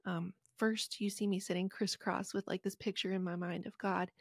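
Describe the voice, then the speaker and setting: A woman's voice: medium pitch, flat delivery, normal speed, husky, no room sound. Middle-aged woman from rural West Virginia, guest author, earnest and heartfelt, dry close sound. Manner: earnest, heartfelt storytelling with emotional sighs. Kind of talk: reflective podcast interview.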